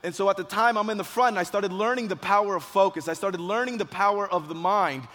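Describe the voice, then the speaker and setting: A man, once a police officer, telling a personal story as a motivational speech, dramatic and swinging between hushed and loud. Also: sits high, fast. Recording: long hall reverb.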